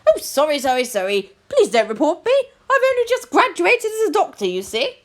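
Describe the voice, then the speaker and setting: A woman's voice: fairly high pitch, huge pitch swings, moderate pace, a bit bright. A woman voicing a young, nervous male doctor who speaks in a posh, apologetic, sing-song way, read in a children's storybook. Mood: flustered, cheery. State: out of breath.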